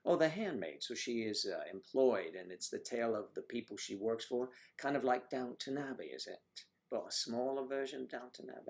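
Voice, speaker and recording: An older man hosting a casual livestream, chatting with viewers in a teasing way and dropping into soft asides. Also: medium pitch, expressive, a little fast, hardly any pauses. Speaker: livestream host. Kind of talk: casual chat reading viewer comments. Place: home livestream.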